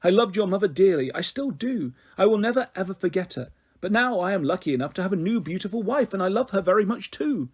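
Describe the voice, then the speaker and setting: A man's voice: high voice, lively intonation, fast, hardly any pauses, husky. A man reading a storybook, voicing a stern, reproachful middle-aged father.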